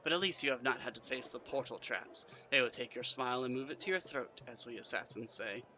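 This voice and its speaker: A man's voice: medium pitch, pushed and bright, a little hiss or hum. Man doing a cold formal assassin. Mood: measured. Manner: measured, formal. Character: cold male assassin, dry and menacing.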